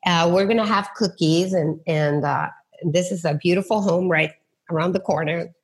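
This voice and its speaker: In an interview built around faith stories, a middle-aged woman who sells real estate talks at a moderate pace in a lowish voice. She imitates the voices she quotes, with plenty of restarts.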